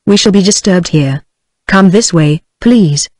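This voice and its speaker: A woman's voice: on the low side, unhurried, a little mellow, dry recording. A text-to-speech female voice with a British English accent reading the lines of an anxious young married woman who pleads earnestly. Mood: pleading. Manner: earnest and imploring.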